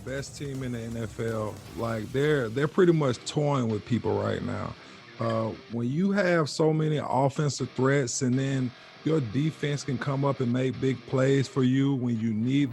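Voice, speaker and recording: A man who played pro football, co-hosting a sports podcast in a relaxed way, filling in with "you know" and "like". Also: medium pitch. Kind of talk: casual sports podcast chat.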